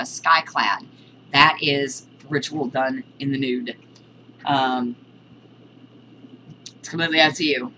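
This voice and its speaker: A woman teaching a casual video lesson on witchcraft terms, explaining in a halting, list-like way. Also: a bass voice, pushed and bright, slight background noise, poor audio.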